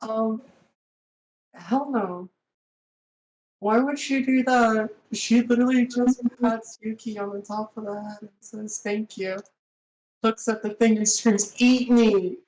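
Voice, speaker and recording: A woman's voice: fairly high pitch, steady tone, unhurried, a little mellow, poor audio. Blunt joking woman at a game table. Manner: blunt, joking, describes her character in third person. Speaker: player.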